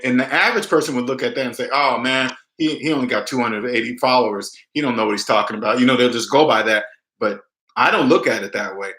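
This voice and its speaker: Bright, emphatic man in an echoey room. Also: medium pitch. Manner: emphatic, preachy, acts out quoted people. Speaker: personal finance vlogger. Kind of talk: casual livestream talk to viewers.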